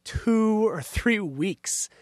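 A man's voice: high voice, animated, very slow, no echo, clean studio sound. A man co-hosting a podcast, chatting casually and telling anecdotes. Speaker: podcast co-host. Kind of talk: casual chat.

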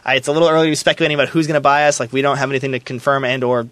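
A man co-hosting a casual podcast, talking in a relaxed, reassuring way. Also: mid-range voice, racing, no room sound. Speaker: podcast co-host and studio staffer.

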